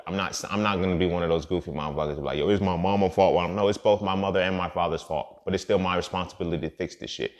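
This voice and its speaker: This podcast host's voice sits low as he talks casually and bluntly, cursing freely and repeating what he's said. He swings from emphatic, loud moments to soft, muttered asides.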